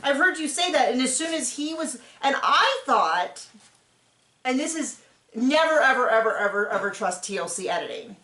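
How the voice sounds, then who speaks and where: A woman's voice: fairly high pitch, normal speed, echoey room. A woman hosting a casual reality show recap, talking animatedly and acting out what the people on the show said. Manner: animated, acts out quotes in voices. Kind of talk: casual commentary.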